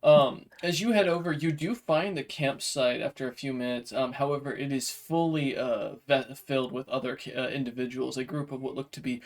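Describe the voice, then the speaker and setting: A man's voice: medium pitch, a little fast, few pauses. Man running a tabletop game. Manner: rambling with many fillers. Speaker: game master.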